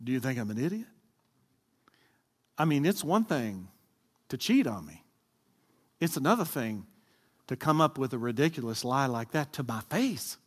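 Male pastor, lively sermon delivery, draws answers from the congregation, long church reverb. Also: mid-range voice, normal speed, long pauses, slightly rough. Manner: talks with the congregation, asking them to answer aloud.

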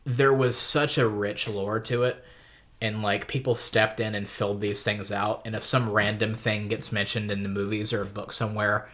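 A man's voice: lowish voice, little pitch movement, normal speed, fairly bright tone. A man co-hosting a casual book podcast, rambling through enthusiastic tangents with restarts. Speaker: podcast co-host.

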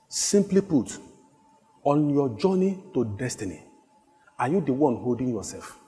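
Male preacher in a booming hall. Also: very animated, unhurried, pauses often, husky. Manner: preaches with repeated rhetorical questions, rising to shouts. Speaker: pastor. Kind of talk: sermon. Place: church hall. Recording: long hall reverb with faint music.

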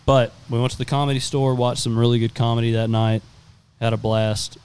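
A man's voice: mid-range voice, little pitch movement, brisk, a little mellow, clear, resonant tone. A man in his twenties, a podcast co-host, telling a rambling, profane story in casual chat. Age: 20s.

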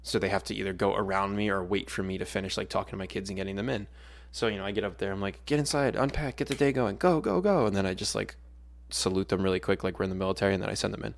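A young man and schoolteacher co-hosting a podcast, telling a story with lively acted-out quotes. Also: sits low, rapid-fire, vocal fry. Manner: animated storyteller, acts out quotes loudly. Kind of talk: casual storytelling chat.

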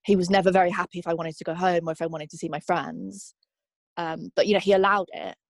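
A woman's voice: fairly low pitch, steady tone, quick pace, a little mellow, no room sound. A young woman being interviewed, telling her own story in a candid, reflective way with frequent ums and likes. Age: young adult. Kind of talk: personal testimony interview.

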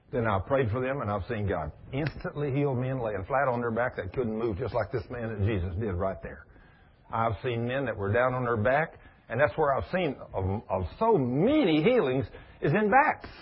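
A man preaching a sermon with animated delivery, turning to speak to people in the room as he goes. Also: mid-range voice, moderate pace, slightly rough. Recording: dull lo-fi recording.

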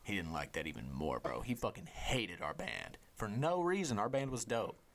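A young man, a podcast host, telling a casual, profane story with lots of energy and sometimes dropping to a hushed voice. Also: on the low side, normal speed. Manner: profane, animated storyteller who drops to a hushed voice for inner thoughts.

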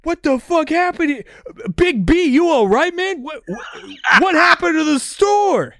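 A man voicing an excitable young stoner dude who shouts and swears in a high voice. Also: unhurried, no room sound, clean studio sound, exaggerated voice. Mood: excited. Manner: loud, high-pitched, swearing.

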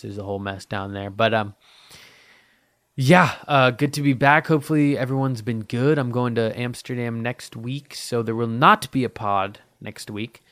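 A man's voice: on the low side, vocal fry, fairly bright tone, no echo. A man hosting a podcast in a casual, rambling monologue, swearing often and dry-mouthed from thirst. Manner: profane, rambling, heavy with fillers. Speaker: podcast host.

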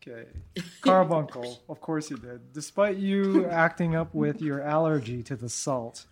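A man's voice: fairly high pitch, measured pace, crowd noise. A man running a tabletop game as game master, narrating scenes in a playful, descriptive way on a radio show with a studio microphone. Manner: descriptive, playful, laughs often.

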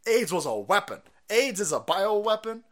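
A man's voice: sits high, very animated, moderate pace. Foul-mouthed man ranting. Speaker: streamer. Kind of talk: profane conspiracy rant.

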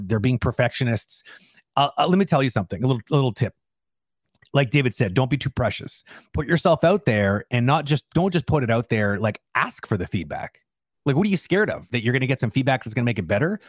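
A man talks fast and emphatically into a close, dry mic, co-hosting a casual advice show. He keeps asking rhetorical questions as he encourages listeners. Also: mid-range voice, no echo. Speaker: co-host of an animation Q&A show.

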